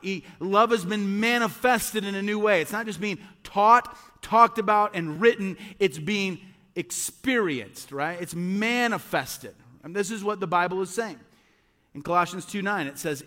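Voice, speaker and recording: A man's voice: high voice, normal speed, a bit bright, big-room sound. A man preaching a sermon as pastor, earnest and repeating his key phrases for emphasis.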